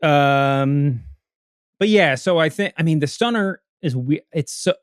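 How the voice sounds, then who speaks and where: A man's voice: on the high side, lively intonation, measured pace, smooth, dry recording, studio quality. A man co-hosting a podcast in casual chat, rambling and cutting himself off with lots of fillers. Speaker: podcast co-host.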